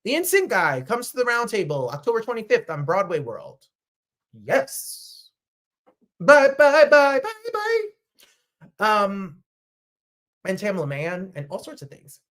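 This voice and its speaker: A man from New Jersey hosting a talk show, chatting casually with gushing, animated asides. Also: sits high, unhurried. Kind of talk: casual livestream chat.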